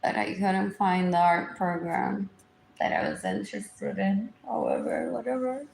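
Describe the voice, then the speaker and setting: A woman's voice: medium pitch, very animated, unhurried, vocal fry, a little mellow. A woman, rambling through a live-stream monologue, repeating herself and dropping into whispers. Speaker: livestream host. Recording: echoey room, faint background noise.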